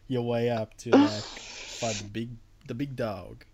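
A man's voice: mid-range voice, takes it slowly, heavy background noise. A man co-hosting a podcast, chatting casually about games in a laid-back, joking way with some swearing. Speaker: podcast co-host.

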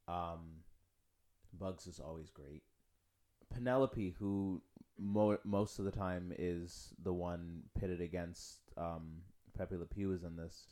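A man's voice: sits low, dark tone. A man co-hosting a podcast in casual chat, talking enthusiastically with lots of filler words. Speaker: podcast co-host.

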